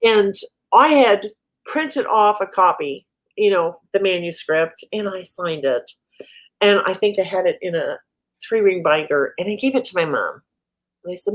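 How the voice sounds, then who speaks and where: A woman's voice: fairly low pitch, expressive, normal speed. A middle-aged woman from the Midwest, a guest author telling funny stories in a casual interview, laughing often. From American Midwest.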